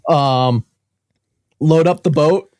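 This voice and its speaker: A man hosts a podcast in a casual, animated way, swearing freely as he tells a story. His voice sits fairly high for a man. The sound is close and dry, with no room around it. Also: extremely slow, no room sound. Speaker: podcast host. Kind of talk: casual chat.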